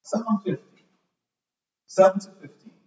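A man's voice: high voice, unhurried, darkish tone. A man preaching a sermon, reading scripture and talking in a conversational way with repeated words and asides. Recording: echoey hall, voice from far off, dull sound.

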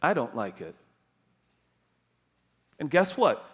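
A man preaching a sermon, emphatic and animated, dropping soft and then rising loud. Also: a little high, slow, slightly rough.

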